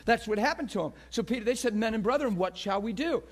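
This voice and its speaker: A man preaching a passionate sermon, swinging from loud, shouted peaks to hushed, near-whispered lines and acting out the crowd with gasps. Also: high voice, animated, fast. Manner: acts out quoted crowd voices with gasps.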